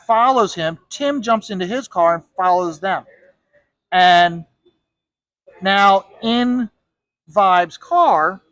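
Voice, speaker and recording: A comic artist spins a story while he draws, stumbling over restarts and repeating himself as he goes. His voice sits high for a man. It is recorded dry and close, with no room echo. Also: bright, forceful tone. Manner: rambling, with frequent restarts and repeated words. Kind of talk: casual storytelling while drawing.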